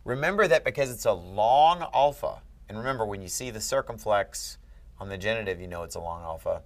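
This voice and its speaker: A man with a fairly low, animated voice talks a little fast while tutoring a student one-on-one in Greek grammar. He is patient and guides the student with leading questions.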